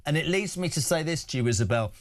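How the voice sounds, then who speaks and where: A man's voice: fairly high pitch, lively intonation, quick pace. A man hosting a breakfast talk show, speaking in an indignant, emphatic way as he gives his opinions. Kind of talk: opinionated radio debate.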